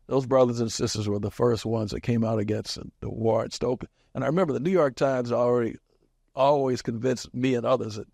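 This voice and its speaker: A man's voice: medium pitch, vocal fry, a little mellow, dry recording, studio quality. A man in his seventies from small-town Kansas, an interviewed community activist recalling his past in an emphatic, wry storytelling way and chuckling at his own anecdotes.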